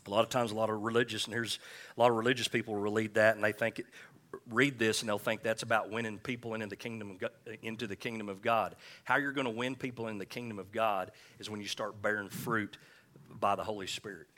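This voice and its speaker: Male pastor, lower register, pointed edgy delivery; casual preaching with jokes and call-and-response. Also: flat delivery, a bit bright. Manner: folksy, joking asides, scripture read slowly. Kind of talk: conversational sermon with call-and-response.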